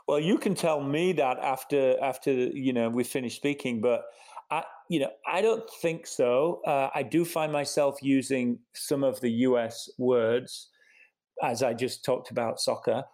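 A middle-aged man with a Yorkshire accent softened by years in America, talking as an interview guest in a thoughtful way, with many restarts. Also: medium pitch, a little slow. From Yorkshire, England. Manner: thoughtful, many restarts and "you know" fillers. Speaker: interview guest, company co-founder. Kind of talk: casual conversational interview.

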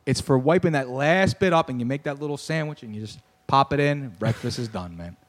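A young man hosting a podcast, telling a story in casual sports-talk banter, animated, riffing and ranting with laughs. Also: medium pitch, fairly quick. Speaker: podcast host.

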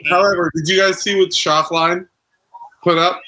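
A man co-hosting a podcast, chatting excitedly about wrestling gear and events. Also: high-pitched, moderate pace, no echo, poor audio. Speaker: podcast co-host. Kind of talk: casual watch-along chat.

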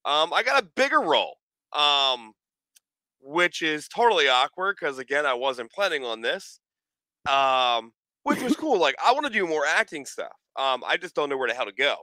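Bright-voiced man telling stories animatedly. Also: a little high, moderate pace, dry recording. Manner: animated storyteller, acts out quotes. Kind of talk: casual chat.

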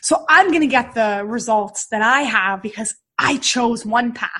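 A middle-aged woman hosts a podcast, telling a personal story in an animated way and acting out what each person said. Her voice is fairly high and husky. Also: moderate pace. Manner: animated, acts out quoted dialogue. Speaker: podcast host and health and fitness coach.

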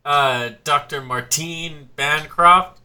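A man's voice: a little high, slow, sharp tone. A man co-hosting a casual movie review podcast, sharing trivia with frequent "uh" fillers. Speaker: podcast co-host.

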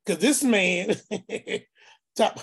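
A man telling a family story in a casual, animated way, often repeating phrases and acting out the people in it, sometimes in a preacherly tone. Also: high voice, very slow, gravelly, slightly rough. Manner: preacherly, speaks of faith.

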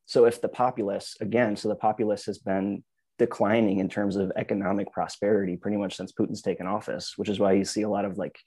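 Casual podcast co-host, a man with a dark, husky voice who rambles through stories with dry close sound. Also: on the low side, little pitch movement, fast talker, no room sound. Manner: rambling storyteller, many "like"s and restarts. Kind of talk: casual chat.

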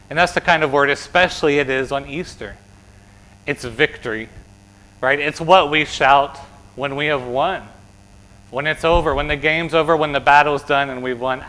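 A man's voice: a little high, bright, forceful tone, rough recording. A man with an American accent giving a children's sermon as pastor, chatty and asking the kids questions, tagging "right?" onto his points. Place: church sanctuary.

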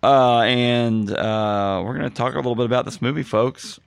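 Animated, jokey male podcast host. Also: medium pitch, normal speed, gravelly, few pauses, no room sound, clean studio sound. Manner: jokey, animated, laughs at his own jokes. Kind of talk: casual movie-review banter.

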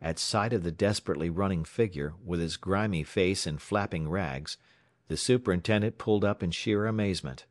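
A man from the United States narrating a story aloud in a dramatic, expressive way. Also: deep voice, brisk, no room sound, clean studio sound. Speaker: audiobook narrator. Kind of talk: scripted narration.

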